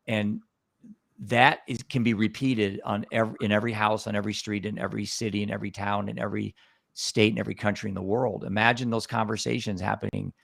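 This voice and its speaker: An earnest man tells a story with a low, gravelly voice. He is recorded close on a dry mic. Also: no room sound. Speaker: guest. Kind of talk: storytelling in a conversation.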